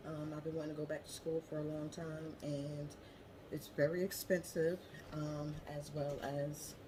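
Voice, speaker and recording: A woman's voice: sits low, background noise. A young woman making an earnest appeal to camera, with frequent "you know" fillers. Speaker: scholarship applicant.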